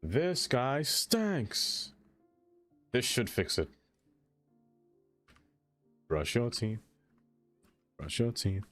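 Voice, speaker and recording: A man's voice: medium pitch, very animated, extremely slow, long pauses, a bit bright, faint music behind. A man streaming a city-building game, chatting casually with viewers in a playful, teasing way. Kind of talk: casual live-stream chat.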